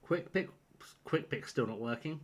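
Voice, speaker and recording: A man's voice: mid-range voice, lively intonation, normal speed, breathy edge. A man live-streaming a football management game, rambling and flustered as he talks himself through picking his team. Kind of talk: live-streamed gameplay commentary.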